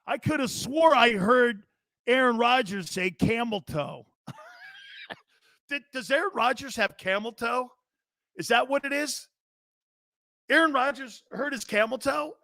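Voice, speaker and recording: A man hosting a sports talk show in a brash, joking style, reading out chat and giving shout-outs. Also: extremely high pitch, lively intonation, unhurried, pauses often, dry recording, clean studio sound.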